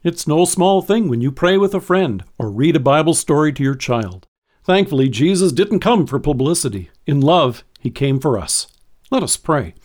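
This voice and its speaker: A man reading a scripted daily devotion with scripture quotes in a measured, earnest way. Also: a little high, lively intonation, darkish tone. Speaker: devotion speaker.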